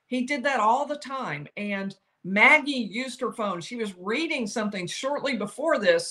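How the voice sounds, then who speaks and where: A woman, older, giving solo legal commentary, explaining each side's arguments and quoting lawyers with animated emphasis. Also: a little high.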